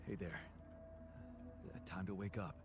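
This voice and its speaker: An actor playing a patient man in a video game who calmly reassures and guides his newly made double in a measured, soothing way. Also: low voice, over loud music. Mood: reassuring. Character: calm male creator, patient, reassuring guide.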